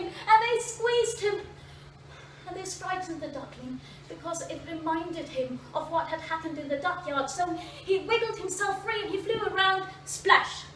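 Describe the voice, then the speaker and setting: A woman storyteller performing a fairy tale live in a library, expressive, with dramatic pauses and voiced sound effects. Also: high-pitched, slight background noise. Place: library event space, indoors. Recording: echoey room from a distance.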